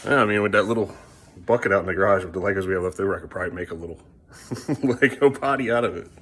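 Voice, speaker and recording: A man's voice: sits low, rapid-fire, a bit bright, slight background noise. A man, a father, talking casually to his kids at home, coaxing and praising them as he goes.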